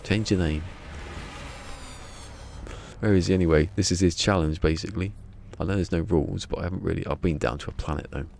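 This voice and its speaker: A man's voice: low-pitched, fairly quick, creaky, long pauses, darkish tone, slight background noise. A man streaming a game live, chatting casually in a rambling, self-mocking way.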